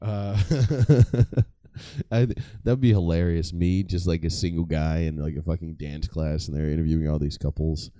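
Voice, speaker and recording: A man's voice: deep voice, fairly even intonation, normal speed, mellow, clear, resonant tone, no room sound. A young man doing a casual, profane comedic monologue, rambling and mocking himself. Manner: rambling, profane, self-mocking, laughs at own jokes. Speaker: comedy podcast host.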